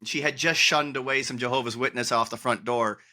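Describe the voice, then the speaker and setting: A man's voice: mid-range voice, steady tone, fairly quick, sharp tone. A man hosting a podcast interview, reflective and articulate, explaining ideas at length. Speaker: podcast host and coach. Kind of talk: conversational interview.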